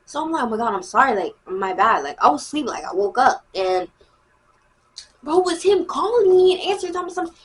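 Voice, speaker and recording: A teenage girl with a high voice tells a story quickly, vlog-style, in a casual, slangy way. She's animated, repeats herself, and acts out what people said.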